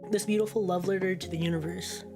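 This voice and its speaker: A woman's voice: on the low side, fairly even intonation, quick pace, dark tone, faint music behind. A woman streaming a narrative game, reading its text aloud and reacting with chatty commentary, laughing often and swearing casually.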